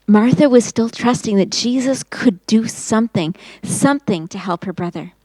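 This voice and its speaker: Expressive woman telling a children's Bible story. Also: on the high side, normal speed, no echo, low-quality recording. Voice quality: expressive storyteller, acting out quotes in raised voice. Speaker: Sunday school teacher.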